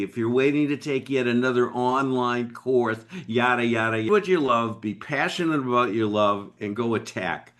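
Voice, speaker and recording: Male guest, from Boston, animated emphatic storyteller, mid-pitched voice. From Boston, United States. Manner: emphatic, dramatic pauses, talks straight to the listener. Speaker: podcast guest, business leader.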